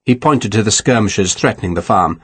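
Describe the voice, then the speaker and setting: A man narrating an audiobook with expressive, dramatic reading. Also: on the low side, a little fast, husky.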